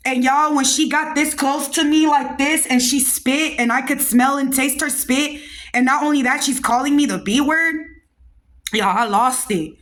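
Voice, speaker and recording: A young woman hosts a podcast, telling a story straight to her listeners in a casual, animated, slangy way. Her voice sits high and her pace is moderate.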